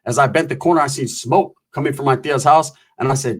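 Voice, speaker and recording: A man's voice: mid-range voice, brisk. A man telling a rambling, profane story full of slang. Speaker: comedic storyteller. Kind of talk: casual storytelling.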